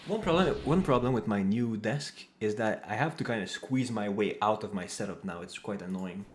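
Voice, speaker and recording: Animated joking male streamer, low voice. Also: normal speed, slight background noise. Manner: animated, joking, swears casually. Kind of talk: casual stream chat.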